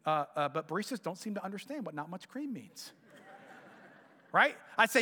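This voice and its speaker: A middle-aged man preaches a sermon, his voice high and bright, leaping up and down as he tells a story. He sometimes drops to a hushed near whisper for emphasis. The sound carries a long reverb, as in a large hall. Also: lively intonation, fast talker. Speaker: pastor.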